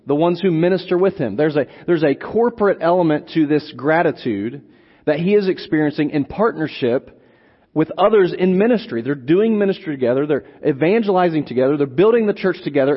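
A man preaching an expository sermon, teaching slowly and deliberately, lingering on single words and repeating phrases for emphasis. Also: a little high. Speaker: preacher teaching on a Bible letter. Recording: long hall reverb, dull lo-fi sound.

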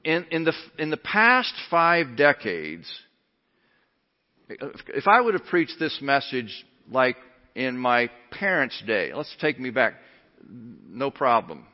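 A man's voice: medium pitch, big pitch swings, slow pace. A man preaching a sermon as pastor, emphatic and earnest. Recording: lo-fi recording in a reverberant hall.

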